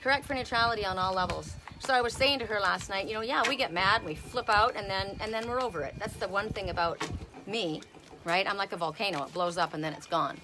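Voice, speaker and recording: A woman's voice: mid-range voice, fast talker, background noise. A woman reading oracle cards on a casual live stream outdoors, talking bluntly and swearing freely. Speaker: oracle card reader.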